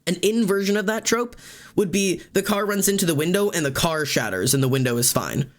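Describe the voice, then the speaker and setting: Male streamer, slightly higher voice, casual rambling chat, swears a lot, laughs often, desk mic. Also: a little fast. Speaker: live streamer. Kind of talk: casual chat while gaming. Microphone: desk microphone.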